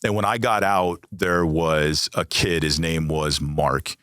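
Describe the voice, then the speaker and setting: A very deep, slightly bright male voice moves slowly with fairly even intonation. He's an American podcast guest telling a personal story frankly, his language blunt and often profane. The studio audio is clean, with no room sound.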